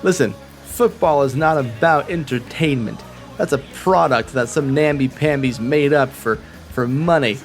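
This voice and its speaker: A man voicing a gruff, fired-up football coach who blusters and swears. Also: mid-range voice, measured pace, faint music behind, close to an everyday voice.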